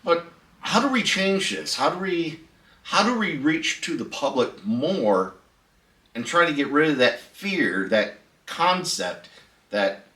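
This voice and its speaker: A man's voice: a little high, big pitch swings, slow, pushed and bright, distant mic. Laid-back man telling a story, echoey room. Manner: laid-back, chatty, laughs at his own story. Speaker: host. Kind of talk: casual storytelling vlog. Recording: echoey room, voice a bit off-mic.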